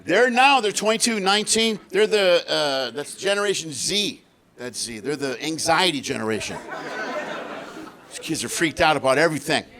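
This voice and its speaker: A middle-aged man doing a stand-up comedy set, telling stories with animated delivery and shouting the punchlines. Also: fairly high pitch, normal speed, a faint crowd. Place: live comedy stage. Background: audience laughter.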